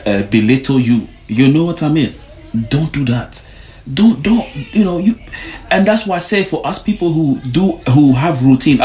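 A man's voice: medium pitch, darkish tone. Preachy man with swooping emphasis. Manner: preachy, repeats short warnings. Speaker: vlogger. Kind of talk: motivational monologue to camera.

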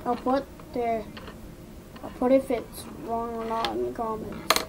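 A woman's voice: fairly high pitch, flat delivery, unhurried, vocal fry, background noise. A woman vlogger chatting casually to viewers while painting, rambling through asides and self-talk.

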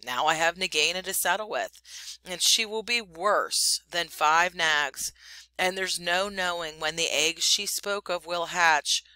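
A woman voicing a brave young male mongoose who talks in a sharp, urgent, scolding way in a storybook reading. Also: fairly low pitch, measured pace, clean tone, dry recording, low-quality recording.

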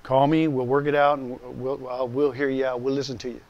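Animated storytelling pastor, a man. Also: medium pitch, brisk, dull audio. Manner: animated storytelling, acting out quoted voices; direct and conversational with listeners. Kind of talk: personal testimony sermon.

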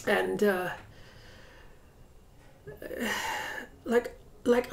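Slow, reflective woman vlogging at home. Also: on the high side. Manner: reflective and rambling, with frequent hesitations. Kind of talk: casual vlog monologue. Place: room at home. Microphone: camera set up across the room.

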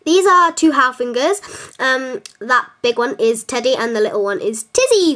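Young woman, ditzy mock stable owner; high, swooping delivery, squeals often. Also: animated, moderate pace, a bit bright. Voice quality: giddy, squealing whoops, valley-girl "like" fillers. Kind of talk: silly improvised home-video comedy tour.

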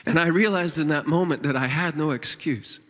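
A middle-aged man preaches in a big conference hall, and his voice rings out with a long reverb. His pitch sits a little high for a man. He tells a personal story in an earnest, tender way, with plenty of fillers and restarts. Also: brisk, a bit bright. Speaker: worship leader preaching at a conference. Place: large church conference hall.

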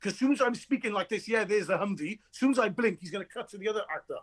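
High-voiced actor, restless and excitable, tells stories acting out every line. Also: male voice, racing. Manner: energetic, restless storyteller who acts out quoted dialogue. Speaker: actor interviewed about his film. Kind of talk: animated anecdotal chat.

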